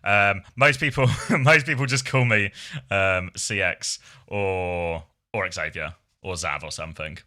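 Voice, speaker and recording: A man's voice: sits low, unhurried, bright, forceful tone. A middle-aged man, chatting playfully with his live-stream viewers and laughing often. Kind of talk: casual live-stream chat.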